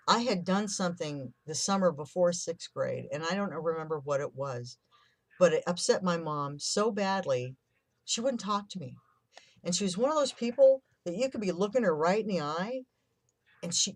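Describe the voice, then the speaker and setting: A vlogger in their fifties candidly and emotionally tells a painful childhood story, swearing now and then and acting out remembered quotes. The medium-pitched voice has lively intonation and a moderate pace, with no room sound.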